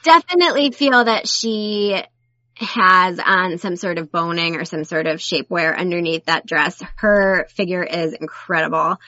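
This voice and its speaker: Woman co-host, casual and giggly, bright tone, dry dull lo-fi recording. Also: on the low side, measured pace, dry recording. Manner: chatty, laughs often, animated. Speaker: podcast co-host. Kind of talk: casual movie-review chat.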